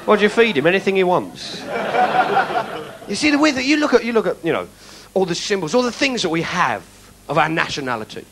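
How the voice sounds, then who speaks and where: A man's voice: high-pitched, sing-song, a little fast, very noisy. A British man doing sardonic stand-up comedy as a mock tour guide. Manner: sardonic, jokey, puts on shouted voices for bits.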